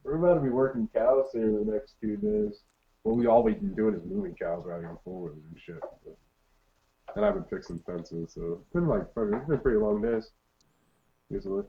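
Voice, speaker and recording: Joking man with a lively voice. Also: on the low side, brisk, gravelly. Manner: laughs a lot, swears freely, joking. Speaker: podcast co-host. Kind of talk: casual chat. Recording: dull, muffled audio.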